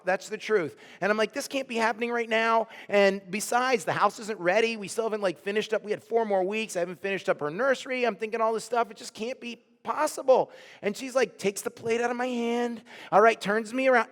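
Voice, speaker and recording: A man preaching as pastor, telling a personal story with animated, acted-out quotes. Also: sits high, long reverb tail. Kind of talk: sermon storytelling. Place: church sanctuary.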